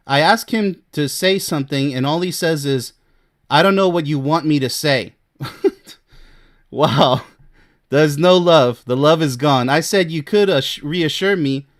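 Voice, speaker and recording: A relationship coach responds to a reader's letter with emphatic advice, firing off rhetorical questions and laughing in disbelief. His voice sits a little high.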